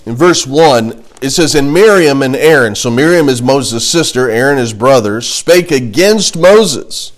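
A man teaching a Bible class in a relaxed, conversational way, reading scripture aloud and breaking off with jokes and asides. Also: medium pitch, a little slow, hardly any pauses.

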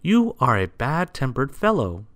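A man voicing a cheerful, beaming little storybook fellow in a raised, bright voice. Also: mid-range voice, very animated, slow, no room sound, studio quality, voice pushed up. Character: cheerful male Mr. Happy, beaming.

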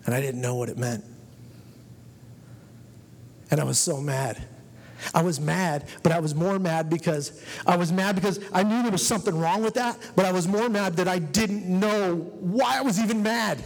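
A gravelly, high-pitched male voice moves at an ordinary speed through an earnest testimony. He recounts his life story to the congregation and exhorts them, and the recording carries the lingering reverb of a church hall.

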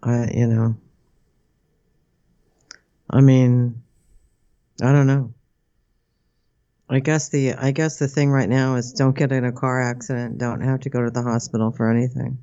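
A man with a mellow, dark voice chats casually, dropping short questions and quips. His mic sounds dull and lo-fi. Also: mid-range voice, flat delivery, a little slow, long pauses, smooth. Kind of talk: casual chat.

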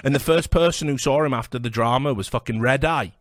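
Welsh man, young, mid-pitched, sweary, laughing anecdote, dry close mic. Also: fast, no echo. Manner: swearing, laughing, acts out quoted voices. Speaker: podcast host. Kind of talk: casual storytelling chat.

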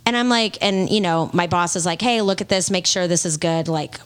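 A woman's voice: on the low side, a little fast, smooth. A woman co-hosting a podcast, telling a story in a heated, profane way and acting out the quotes. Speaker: podcast co-host. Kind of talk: casual chat.

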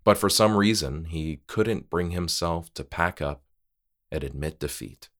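A man reads a horror short story aloud with a very deep voice. His delivery is somber and measured, and he keeps an unhurried, slow pace. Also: a bit bright. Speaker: narrator.

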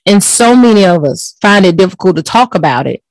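A woman's voice: medium pitch, animated, a little fast, no echo, poor audio. A woman talks in a casual podcast. She sounds earnest and emphatic and leans on repeated words to drive her points home. Her voice is recorded dry and close to the mic. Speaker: host.

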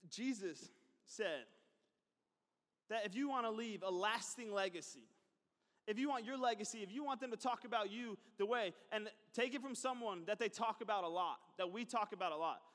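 A man's voice: sits high, moderate pace, fairly bright tone. A man preaching a sermon as a pastor, talking in a conversational way with asides and repeated phrases. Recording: long hall reverb.

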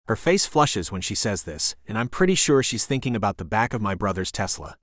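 Low-voiced man narrating an audiobook. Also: big pitch swings, fairly bright tone, dry recording, clean studio sound. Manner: measured, storytelling. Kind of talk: first-person romance audiobook narration.

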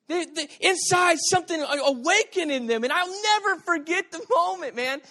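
A man, middle-aged, preaches a sermon in a bright, forceful tone that sits higher than most men's voices. He tells his stories with animated energy, dropping low for tender moments and rising to shouts at the peaks. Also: normal speed, hardly any pauses. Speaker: pastor.

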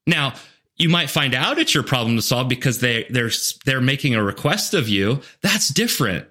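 A man's voice: mid-range voice, big pitch swings, moderate pace, sharp tone. A man speaking as a guest on a podcast interview. He is a leadership coach and talks earnestly and animatedly, with frequent "like" fillers and restarts.

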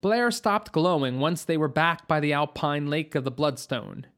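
A woman narrating a fantasy story in a steady, even reading. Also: deep voice, normal speed. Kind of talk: audiobook narration.

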